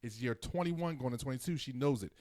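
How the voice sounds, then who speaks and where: A man in his forties hosting a casual podcast chat, ranting in an animated way and mimicking others in quick asides. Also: medium pitch, dry recording, studio quality. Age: 40s. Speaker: host.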